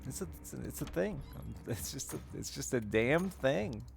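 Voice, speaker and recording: A man's voice: medium pitch, expressive, normal speed, gravelly. A man streaming and chatting with viewers, telling candid, rambling personal stories with frequent laughs. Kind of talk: casual chat with stream chat.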